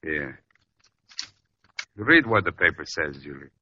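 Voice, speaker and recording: A man's voice: extremely low pitch, big pitch swings, slow, a little hiss or hum, exaggerated voice. An actor playing a menacing male gangster who lends money, in 1940s radio acting. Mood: sneering. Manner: sneering, threatening. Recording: dull lo-fi old radio recording.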